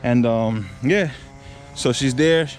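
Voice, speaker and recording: A man's voice: mid-range voice, takes it slowly, faint music behind. A young man chatting casually to camera outdoors by his truck and garage, loose and rambling with fillers. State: out of breath. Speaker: car vlogger. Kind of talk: casual vlog talk to camera.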